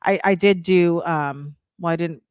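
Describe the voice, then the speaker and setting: A woman co-hosting a podcast in casual chat, chatty and quick with interjections. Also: fairly low pitch, a little mellow, clean tone, no room sound, clean studio sound. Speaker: podcast co-host.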